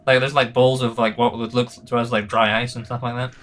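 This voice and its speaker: A man's voice: mid-range voice, flat delivery, a little fast, a bit bright, slight background noise. A man narrating as game master in a tabletop game, rambling with many fillers and restarts. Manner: rambling, hesitant, lots of fillers.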